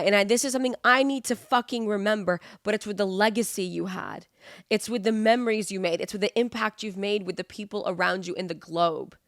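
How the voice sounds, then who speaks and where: Young woman with vocal fry, earnest. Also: mid-range voice, a bit bright, no room sound, studio quality. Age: 20s. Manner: earnest, motivational, rambling with many fillers. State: sick with the flu. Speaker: podcast host. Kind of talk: casual solo podcast monologue.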